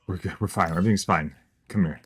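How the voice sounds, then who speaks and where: A man's voice: low-pitched, quick pace, breathy edge. A male game streamer chatting casually to his viewers as he plays, joking and repeating reassurances to himself. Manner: talks to his chat. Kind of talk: casual live-stream chatter while playing.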